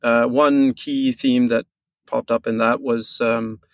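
A man from Norway with a Norwegian accent, a guest on a podcast who explains things in a measured way with many pauses and restarts. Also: mid-range voice, little pitch movement, no echo. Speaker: guest, brand co-founder. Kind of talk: casual podcast interview.

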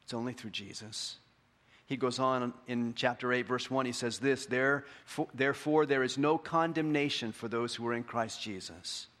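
A male pastor preaching a sermon, building to fervent emphatic peaks and then dropping soft and slow for scripture. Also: mid-range voice, steady tone.

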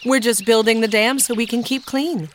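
A woman's voice: fairly high pitch, lively intonation, moderate pace, fairly bright tone. Woman voicing a sensible young girl. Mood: emphatic. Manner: emphatic.

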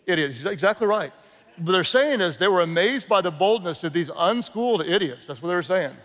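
High-voiced Southern preacher in a big hall. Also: male voice, brisk. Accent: Southern American. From American South. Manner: energetic, humorous storytelling with crowd call-and-response. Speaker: guest pastor. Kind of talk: sermon. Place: large church auditorium. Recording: long reverb of a big hall.

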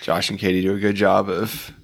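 A man's voice: deep voice, completely flat delivery, a little fast, vocal fry. A middle-aged man co-hosting a casual chat show, easygoing, chiming in with short agreeing replies. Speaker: podcast co-host.

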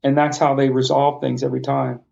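A middle-aged man telling a personal family story as a podcast guest, heartfelt and passionate with halting restarts. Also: medium pitch, level tone, creaky, a little mellow. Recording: slightly muffled lo-fi sound.

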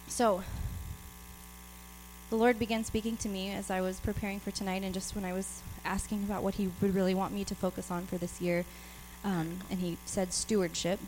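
Woman, informal sermon, out of breath, chatty, mid pitch, faint background hum. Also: flat delivery, moderate pace, a little mellow, rough recording. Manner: personal, chatty, laughing, many restarts. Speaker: preacher. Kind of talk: informal sermon with scripture reading.

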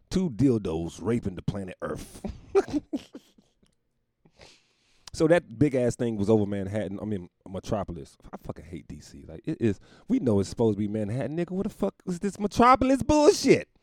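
A man's voice: low-pitched, warm tone, no echo, studio quality. A man going on a rambling, profane comedic rant, often laughing at his own jokes.

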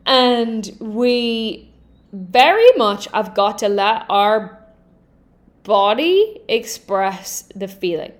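A young adult woman hosting a podcast as a healing coach, talking in a candid, energetic, casual monologue and swearing freely. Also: medium pitch, slow pace.

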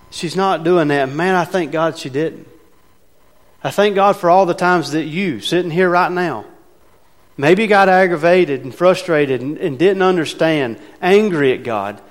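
A man preaching a sermon from the pulpit, talking conversationally and with emphasis, asking his congregation rhetorical questions. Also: a little high. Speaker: pastor. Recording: long reverb of a large hall.

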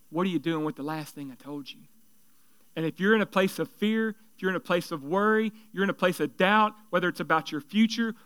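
A man's voice: sits high, a bit bright, smooth, no echo. A man preaching a sermon as pastor, in a conversational style full of rhetorical questions.

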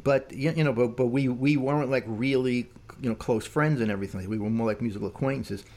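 A man's voice: mid-range voice, fairly even intonation, fast, darkish tone. An older man, a musician, telling stories in casual talk, rambling and full of "man" and "you know". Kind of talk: casual storytelling.

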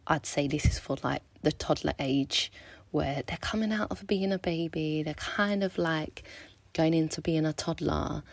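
A woman in her thirties hosts a home mixtape like a radio DJ, chatting excitedly and slipping into soft half-whispers. Her voice sits low with a gravelly, husky edge. The recording is dry and close, with faint music underneath. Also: no room sound. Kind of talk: casual chat between songs.

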